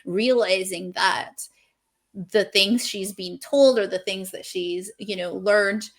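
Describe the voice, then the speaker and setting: A woman's voice: mid-range voice, steady tone, slow. A woman author being interviewed on a video call, talking earnestly and expressively about her writing, laughing often and thinking aloud. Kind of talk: casual interview chat.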